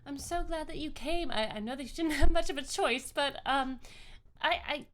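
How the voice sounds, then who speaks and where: A woman's voice: high voice, moderate pace, fairly bright tone, pitched above the performer's own voice. A woman voicing a small, cheerful goddess of joy who giggles and stammers sweetly. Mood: bubbly.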